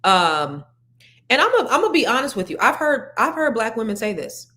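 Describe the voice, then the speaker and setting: A middle-aged woman from California hosting a panel discussion, frank and animated, with many restarts. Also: a little high, a little fast. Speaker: podcast host.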